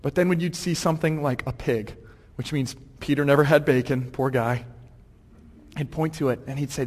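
A man preaching a sermon in a lively, humorous way, acting out the scripture as he goes. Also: a little high, moderate pace, long reverb tail. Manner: humorous, acts out quotes, animated.

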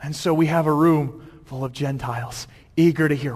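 A pastor preaches with animation and acts out scenes in character voices. His voice sits fairly high for a man and rings with a long echo through a church sanctuary. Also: steady tone, moderate pace, a little mellow, husky. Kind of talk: sermon. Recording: long hall reverb, church.

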